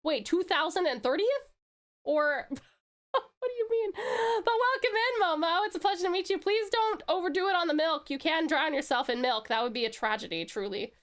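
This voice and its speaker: Very high-pitched and fairly quick, a Tasmanian woman with an Australian accent greets viewers during her casual live-stream chat as a VTuber. She's playful and teasing, with bursts of excited squeals.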